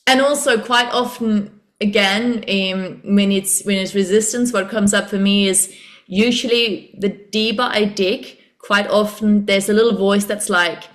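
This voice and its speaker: A woman hosting a podcast interview in a casual, animated way, laughing often and acting out her inner voices. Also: medium pitch, unhurried. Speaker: podcast host.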